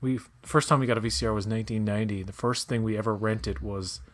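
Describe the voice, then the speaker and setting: A man's voice: on the low side, steady tone, fast. A man, co-hosting a casual episode commentary in a rambling, jokey way. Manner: rambling, jokey, breaks into shouted movie impressions. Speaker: podcast co-host.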